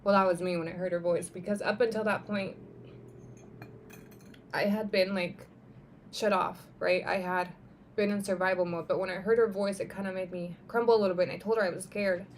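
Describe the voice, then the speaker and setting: A young woman live-streams a personal story at a fairly quick pace, her pitch medium and her manner casual and animated. Plenty of "like" and "right?" fill her speech, along with an occasional swear, and a bit of hiss or hum sits underneath.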